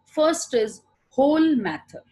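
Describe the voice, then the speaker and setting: A woman with an Indian English accent giving a recorded online lecture, explaining slowly and answering her own questions as a teacher. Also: high voice, big pitch swings, mellow, poor audio.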